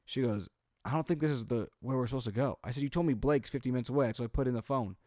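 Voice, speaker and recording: Talking very fast at medium pitch, a father in his thirties co-hosts a podcast and casually narrates a long family story. He's lively, acts out quotes, and says "like" and "um" often. Sound is studio quality, without room sound.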